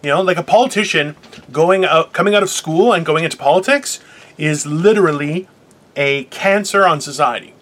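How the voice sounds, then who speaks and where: Man, podcast co-host, video call, swears a lot, opinionated rants, high pitch, bright tone. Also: normal speed. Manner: profane, opinionated, animated rants. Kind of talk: casual podcast chat. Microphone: remote video call.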